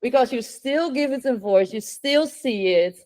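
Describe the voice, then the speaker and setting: Woman podcast host, kinda high voice, talks slow, says wow a lot. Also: expressive, darkish tone. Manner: enthusiastic, responds with repeated "wow" and laughter. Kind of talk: casual interview talk.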